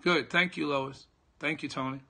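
A middle-aged man, a pastor, teaching a devotional slowly and repetitively, checking that listeners follow and greeting viewers by name. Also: fairly high pitch, steady tone, creaky, sharp tone. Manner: slow, repetitive teaching with call-and-response checks. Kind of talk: live-streamed devotional teaching.

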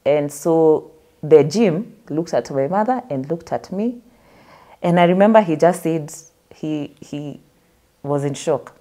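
Young kenyan woman telling her story, lowish mellow voice, goes into the voices of people she quotes. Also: animated, slow pace. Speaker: guest. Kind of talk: personal story in an interview.

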